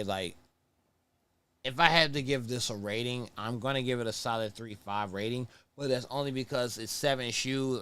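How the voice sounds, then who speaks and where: A man's voice: medium pitch, bright, forceful tone, smooth. Laid-back rambling man reviewing sneakers. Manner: laid-back, rambling, self-correcting, tired. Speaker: sneaker show host. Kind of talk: casual sneaker review monologue. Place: at home on camera, moving around.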